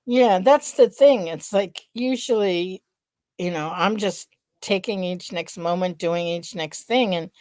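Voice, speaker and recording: A woman co-hosting a podcast who talks slowly and thoughtfully, reflecting aloud as she goes. Her voice is dry and close, with no room sound around it. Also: lowish voice, darkish tone, no room sound. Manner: slow, reflective, thinks aloud. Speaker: podcast co-host. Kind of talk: casual chat.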